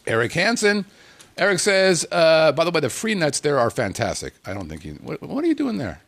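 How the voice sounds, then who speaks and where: Male podcast host, upbeat and animated, lively pitch, casual mail-reading banter. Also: brisk, gravelly. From Las Vegas area. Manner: animated, self-deprecating, laughs easily. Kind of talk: casual podcast chat, reading listener emails.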